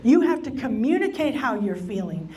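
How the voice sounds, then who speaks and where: A church Bible study teacher, a woman, leads a lesson on relationships in a church meeting room. Her somewhat high voice swings widely in pitch, with a darkish tone at a moderate pace, as she emphatically repeats key phrases and plays out what people might say.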